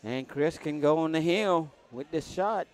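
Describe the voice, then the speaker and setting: A man, casually commentating pool matches on a live stream and giving joking shout-outs to viewers. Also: on the high side, a little slow, soft background music.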